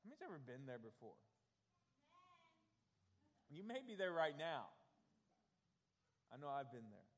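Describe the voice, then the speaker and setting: A man preaching a sermon to a congregation, questioning them directly and building from quiet explanation to fervent, emphatic delivery. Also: fairly high pitch, sing-song, unhurried, long pauses. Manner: preaching with rising intensity, asks the congregation to raise hands. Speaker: pastor. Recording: long hall reverb.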